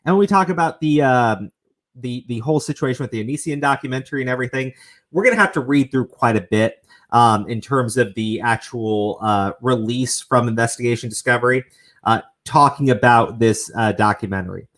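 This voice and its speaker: A man's voice: medium pitch, brisk, a bit bright. A man hosting a casual commentary stream, swearing often and rambling through his points. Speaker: show host.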